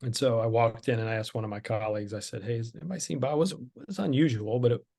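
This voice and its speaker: A man's voice: mid-range voice, fast talker, vocal fry, dark tone. Middle-aged guy on a podcast telling his story, chatty, lots of ums and restarts. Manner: candid, conversational, many fillers and restarts. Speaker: podcast guest. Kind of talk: storytelling in conversation.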